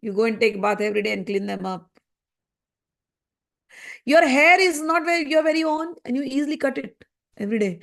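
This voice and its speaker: A woman's voice: high voice, lively intonation, brisk, creaky, pauses often, fairly bright tone. A woman explaining a spiritual text, pressing her listener with repeated rhetorical questions. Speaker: scripture teacher. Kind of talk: spoken commentary on a spiritual text.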